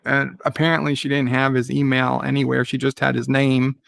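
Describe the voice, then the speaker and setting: A man's voice: mid-range voice, completely flat delivery, fairly quick, vocal fry, fairly bright tone. A man hosting a casual live stream, reading out viewer comments and rambling through a story with many fillers and restarts. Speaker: livestream host.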